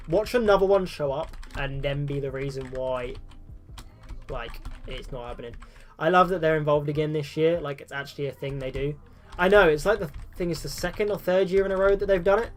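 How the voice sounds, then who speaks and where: A man's voice: a little high, slight background noise. A man chatting casually on a live game stream at home, answering chat in a self-mocking way.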